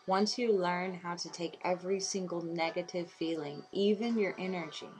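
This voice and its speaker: A woman's voice: fairly low pitch, rough recording. A woman speaking as a self-styled healer, earnest and insistent, repeating mantras over and over. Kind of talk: inspirational monologue. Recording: loud music behind voice. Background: music.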